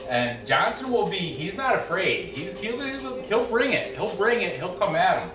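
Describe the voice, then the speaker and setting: Far from the microphone, a high-pitched male host with big pitch swings talks through sports betting picks at a moderate pace. His commentary is casual and rambling, full of restarts and asides, with roomy echo and faint background music.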